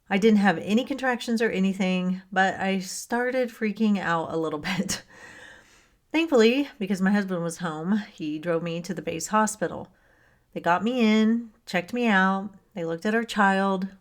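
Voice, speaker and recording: Woman, young adult, podcast host, earnest storytelling, middle pitch, faith reflection. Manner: earnest storytelling with light laughs. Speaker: host of a Catholic reading podcast. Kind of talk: personal story and spiritual reflection.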